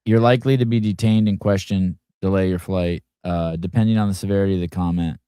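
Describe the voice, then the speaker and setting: A man co-hosting a podcast in casual chat, teasing and deadpan. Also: deep voice, fast, clear, resonant tone, dry recording, clean studio sound.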